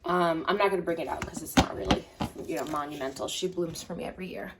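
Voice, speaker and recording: A woman's voice: fairly low pitch, quick pace, heavy background noise. Chatty woman losing her voice. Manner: chatty and rambling, with many fillers and self-corrections. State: losing her voice, clearing her throat. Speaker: orchid grower and vlogger. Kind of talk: casual show-and-tell vlog. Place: indoor home grow room. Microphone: handheld camera moved around the room.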